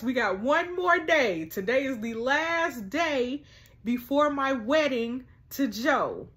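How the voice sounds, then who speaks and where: A woman's voice: high voice, animated, slow, fairly bright tone. A young adult woman chatting to her viewers as she plays a story game and reads its text messages aloud. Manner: chatty, exclaiming, addresses viewers as "y'all". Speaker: gaming YouTuber.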